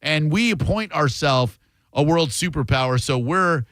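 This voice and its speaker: A man's voice: fairly high pitch, lively intonation, a little slow, fairly bright tone, no echo. Casual radio talk host man. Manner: casual and conversational, thinks aloud. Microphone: studio microphone.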